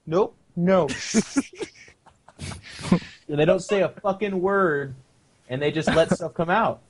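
Husky, animated man in gaming banter. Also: on the high side, takes it slowly. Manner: animated, swears a lot, acts out silly voices. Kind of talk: casual gaming chat.

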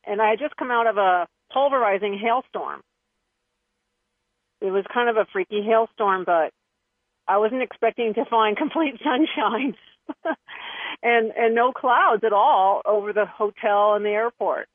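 A woman's voice: mid-range voice, unhurried, husky, no echo. A woman co-hosting a talk radio show, telling a story in a chatty, hesitant way over a tinny phone line. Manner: chatty, hesitant, with soft laughs. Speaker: radio co-host. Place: Los Angeles area, over the phone.

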